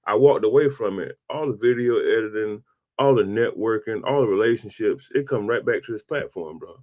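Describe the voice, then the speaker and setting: A man in his forties hosting a casual interview, telling stories in a relaxed, slang-filled way. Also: fairly low pitch, brisk, narrow, tinny audio. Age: 40s. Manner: slangy storytelling, peppered with "bro" and "man". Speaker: podcast host.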